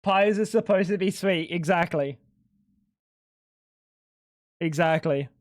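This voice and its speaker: High-voiced man streaming. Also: slow, dry recording. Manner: rambling and sweary, full of "like". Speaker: live streamer. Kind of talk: casual chat while gaming.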